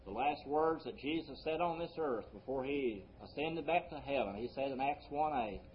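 Man, pastor, sermon, middle pitch, loud emphatic bursts, slowed quotes, muffled lo-fi sound. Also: expressive, slight background noise.

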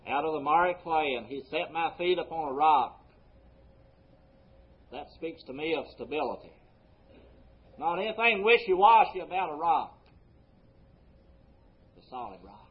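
A man's voice: fairly high pitch, animated. Man preaching a sermon, dull lo-fi recording. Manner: preaching with sudden loud emphasis and slowed-down quotes. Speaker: pastor.

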